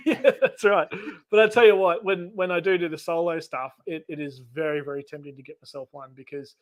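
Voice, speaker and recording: A man's voice: fairly high pitch, steady tone, brisk. Chatty Australian man hosting a live chat. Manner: chatty, laughs easily, acts out little dialogues. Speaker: channel host. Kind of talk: casual live stream chat.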